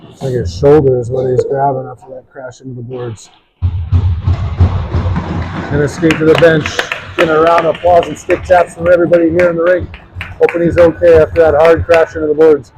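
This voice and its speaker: A man doing play-by-play for a youth hockey game, brisk and joking, reading sponsor spots between plays. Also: fairly high pitch, little pitch movement, music in the background, low-quality recording. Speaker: play-by-play commentator.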